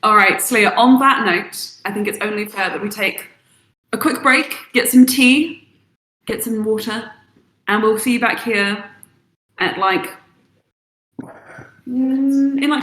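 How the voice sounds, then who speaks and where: A woman narrating a tabletop game as game master, setting each scene slowly and in detail. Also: a little high, fairly bright tone, echoey room, low-quality recording. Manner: slow, descriptive scene-setting.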